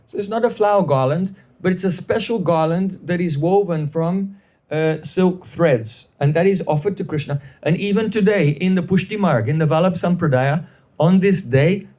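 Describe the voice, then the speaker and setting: A man's voice: fairly high pitch, warm tone. A man teaching in a live devotional storytelling class, explaining at length, repeating phrases, and checking in with listeners.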